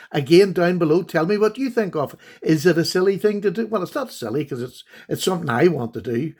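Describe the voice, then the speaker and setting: Chatty middle-aged man, slightly high voice. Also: darkish tone. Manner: chatty, rambling, fond and enthusiastic. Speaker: host, knife collector. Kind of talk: casual vlog chat showing knives to camera.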